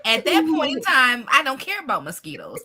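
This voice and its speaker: A woman hosting a casual livestream chat, telling stories in an animated, laughing way. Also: sits high, fairly quick, a crowd in the background. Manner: animated storyteller, laughing, dramatic. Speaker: livestream host.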